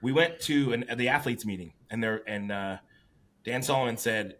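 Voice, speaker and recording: A man and competing bodybuilder, co-hosting a casual podcast, telling stories with lots of swearing and animated quoting of others. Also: mid-range voice, normal speed, slight background noise. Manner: profane, animated storytelling.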